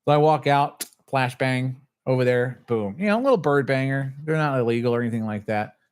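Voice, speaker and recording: A man of medium pitch speaks briskly and smoothly. As host of the channel, he relates a long, agitated story during a casual livestream, dropping swear words and voicing what others said.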